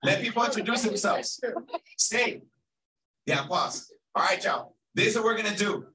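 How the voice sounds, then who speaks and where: Bright-voiced man leading a crowd. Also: high-pitched, normal speed, distant mic, low-quality recording. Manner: energetic, playful, calls to the crowd. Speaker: workshop facilitator. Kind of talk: leading a group activity. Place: large event hall.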